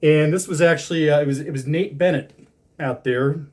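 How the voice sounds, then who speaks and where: A man's voice: a little high, normal speed, a little mellow. A man casually talking through an unboxing of hats, rambling with lots of fillers and restarts.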